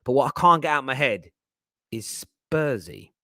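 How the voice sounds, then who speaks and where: A man's voice: medium pitch, very fast, no room sound, studio quality. Jokey London man hosting a football stream. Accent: London English. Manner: animated, jokey, reads out viewer comments. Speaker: football show host. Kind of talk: live-stream casual chat.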